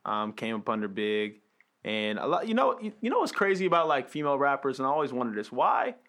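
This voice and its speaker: A man's voice: medium pitch, big pitch swings, quick pace, a bit bright. Man, podcast host, laid-back, lots of fillers, casual talk. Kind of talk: casual chat.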